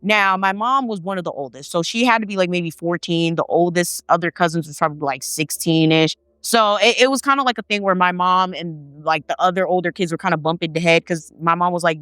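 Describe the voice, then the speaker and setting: A woman tells a family story in a loose, animated way, swearing freely and slipping into her relatives' voices. Her voice is bright and crisp. The sound is dry and close. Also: fairly low pitch, fast talker, hardly any pauses, no echo. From Haitian family. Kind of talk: casual storytelling.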